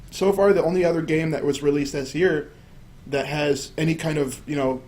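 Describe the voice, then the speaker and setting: A man with a fairly high voice rattles off quick opinions on a casual gaming podcast. He is animated and joking and punches certain words with sudden emphasis. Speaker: podcast co-host.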